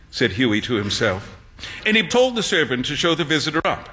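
A man narrates a classic story with expressive, animated storytelling. His voice is fairly high and bright, and it rises and falls a lot. Each scene is read with clear dramatic shading. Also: fairly quick.

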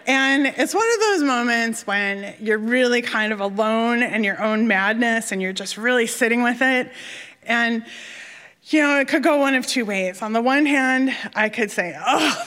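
Woman, live storytelling, self-mocking, animated, higher voice, echoey hall. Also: moderate pace, smooth.

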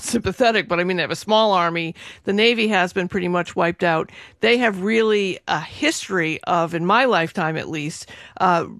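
A woman's voice: mid-range voice, a bit bright, dry recording, clean studio sound. Chatty woman co-hosting talk radio. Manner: chatty, laughs easily, restarts phrases. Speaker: radio show co-host. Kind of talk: casual talk radio chat.

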